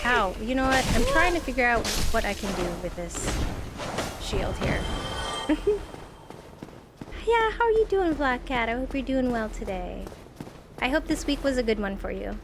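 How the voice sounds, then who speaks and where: A woman's voice: on the high side, very animated, moderate pace, long pauses, very noisy. A woman streamer chatting casually while playing a game, talking to viewers and cursing at the game. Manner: chatty, exclaims and swears at the game, greets viewers. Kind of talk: casual live gameplay chat.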